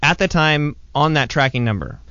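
A man's voice: fairly high pitch, lively intonation, moderate pace, sharp tone, no echo. A man hosting a show in casual chat, playful and talkative, often jumping in to rephrase what his guest says. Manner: playful, chatty, jumps in to rephrase. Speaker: podcast host. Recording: dull lo-fi dry recording.

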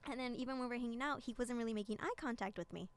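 A woman's voice: a little high, rapid-fire. A young woman co-hosting a podcast, telling a personal story in a chatty, casual way with lots of filler words in a studio. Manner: chatty storytelling, heavy use of "like". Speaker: podcast co-host. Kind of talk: casual chat.

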